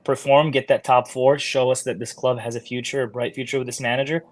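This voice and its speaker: A man's voice: medium pitch, flat delivery, brisk, dry recording. Wry man with a dry close sound. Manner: wry, laughs at his own points. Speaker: podcast co-host. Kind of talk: casual sports talk.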